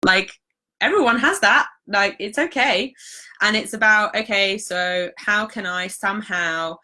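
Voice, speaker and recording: Bright-voiced woman chatting on a live stream, casual and reassuring, lots of "like"s. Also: medium pitch, a little slow. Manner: chatty, reassuring, many fillers like "like". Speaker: holistic practitioner hosting a live stream.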